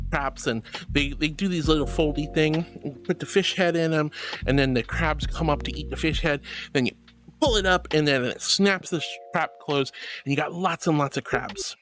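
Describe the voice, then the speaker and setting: A man live-streaming in a virtual world, chatting casually and gushing over his viewers in playful, excitable bursts. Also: fairly high pitch.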